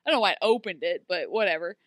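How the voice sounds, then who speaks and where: A woman's voice: lowish voice, very fast, dry recording, studio quality. A woman chatting casually as a podcast co-host, recapping a TV episode and acting out the characters' lines. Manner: animated, acts out characters' lines.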